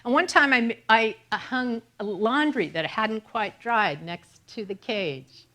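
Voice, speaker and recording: A middle-aged woman minister giving a conversational sermon, telling self-deprecating stories with animated delivery and laughter. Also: on the high side, slow pace.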